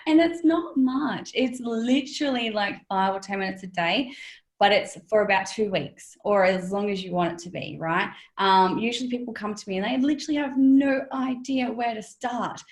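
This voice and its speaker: A woman's voice: mid-range voice, steady tone, moderate pace, reverberant. A woman guest on an interview, talking casually and impulsively, laughing often. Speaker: business planner guest.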